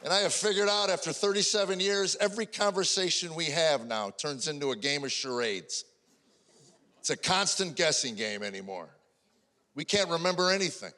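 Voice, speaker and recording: Man, stand-up comedian, high voice, rapid-fire storytelling, audience laughing faintly behind. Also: pushed and bright. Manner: rapid-fire storytelling, mimics wife in dialogue. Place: comedy stage before a live audience. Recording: crowd laughter and faint noise.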